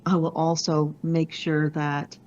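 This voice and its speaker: A woman business consultant telling animated, self-deprecating stories in an interview over a video call. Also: sits low. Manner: animated, self-deprecating storyteller with quick asides. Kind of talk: conversational storytelling interview. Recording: dull lo-fi video call audio.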